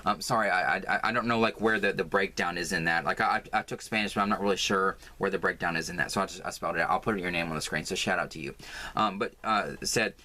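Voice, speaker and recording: Rambling, exasperated man with a bright voice. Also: low voice, fast. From United States. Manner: rambling, filler-heavy, exasperated. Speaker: crafting vlogger. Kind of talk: casual vlog monologue. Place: home craft room.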